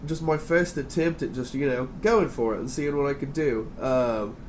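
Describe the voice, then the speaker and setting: A man's voice: mid-range voice, normal speed, slight background noise. A man hosting a podcast as a drag performer, casual and chatty, swearing freely and calling people darling. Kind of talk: casual interview chat.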